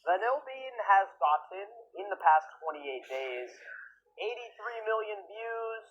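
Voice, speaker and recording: A man's voice: sits high, lively intonation, a little hiss or hum. Man musing in a dull lo-fi clip. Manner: musing, stalls with drawn-out fillers. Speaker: YouTube commentator. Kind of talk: casual commentary. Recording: dull lo-fi clip played back.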